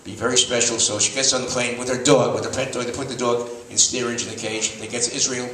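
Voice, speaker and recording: Brief: older male storyteller, bright tone, rambling delivery, echoey room, off-mic. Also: mid-range voice, level tone, fast talker, a little hiss or hum. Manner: rambling, restarts often, raconteur. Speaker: stand-up storyteller, veteran TV host. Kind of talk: stand-up anecdotes. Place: stage before a live audience. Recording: echoey room, mic at a distance, faint ambience.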